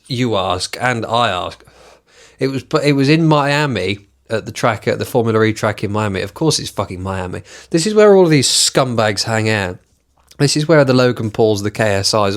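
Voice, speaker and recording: A man hosting a solo podcast, ranting in a sweary, sneering, sarcastic way and mocking what he reads aloud. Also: fairly low pitch. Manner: reads items aloud and mocks them. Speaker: podcast host.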